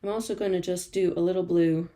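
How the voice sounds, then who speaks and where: A woman's voice: on the low side, fairly even intonation, fast, mellow. Woman, art journaling teacher, live stream, chatty, encouraging, laughs often, studio. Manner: chatty and encouraging, reads out viewer comments. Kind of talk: live-stream crafting demo.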